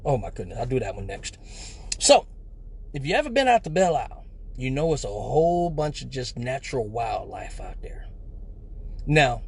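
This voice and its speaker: A man tells a rowdy story on his live stream. His husky voice sits high and leaps around with every turn. He acts out the voices and sound effects himself. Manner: animated, profane, acts out voices. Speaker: live show host. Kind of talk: animated comic storytelling. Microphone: phone or webcam on a live stream.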